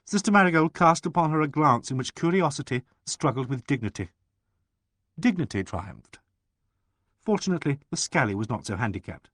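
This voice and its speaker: Guy narrating an audiobook, really lively up and down voice, dry close sound. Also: mid-range voice, a little fast, no echo. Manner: expressive, animated reading.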